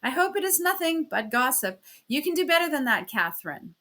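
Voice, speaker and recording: A woman's voice: high-pitched, sing-song, fairly quick, pushed and bright, pitched above the performer's own voice, heavily acted. A woman reading a story aloud, voicing the arch, knowing letter of a worldly, scheming older sister.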